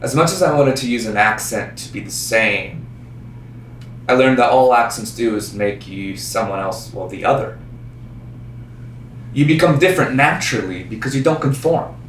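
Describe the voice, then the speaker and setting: A man's voice: mid-range voice, moderate pace, slight background noise. A young man performing a self-mocking solo stage monologue in a small performance space. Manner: self-mocking, animated storytelling. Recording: roomy stage sound from a distance, faint ambience.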